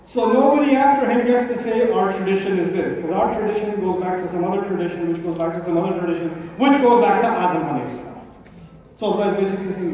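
A man's voice: a little high, quick pace, mellow, recorded from a distance, slight background noise. A man giving a live religious talk to an audience, speaking emphatically with rhetorical questions and repetition. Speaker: Islamic speaker. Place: large event hall. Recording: echoey hall recording from afar, dull.

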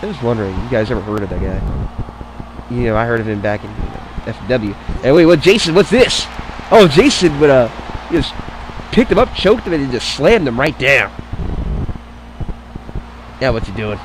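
A man calls a wrestling video game match play-by-play in a casual, excitable way, swearing and wandering off into rambling asides. His pitch is medium and his speed normal, with frequent pauses. There's noise in the background.

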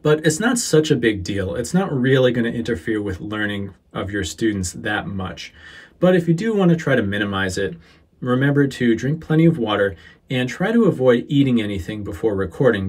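A male teacher talking through a how-to lesson into a close microphone, unhurried and easygoing, with a few fillers. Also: fairly low pitch, lively intonation, slightly rough. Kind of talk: instructional voice-over. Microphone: close sensitive studio mic.

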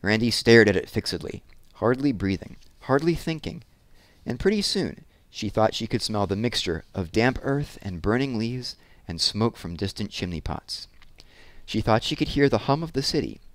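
A man narrating a children's novel in a measured, expressive storybook style. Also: lowish voice, no room sound. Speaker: audiobook narrator.

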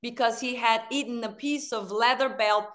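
Brazilian-accented woman guest, fairly high voice, chatty and animated. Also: normal speed. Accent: Brazilian Portuguese. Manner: animated, laughs often. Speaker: podcast guest. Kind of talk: casual chat.

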